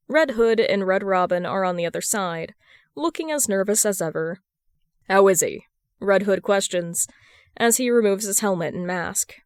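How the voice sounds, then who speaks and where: A woman reads a story aloud in a steady, measured audiobook manner. Her voice is smooth and clear at a medium pitch, recorded close with a dry sound and no room around it. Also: dry recording. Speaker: podfic reader. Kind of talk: audiobook narration of fan fiction.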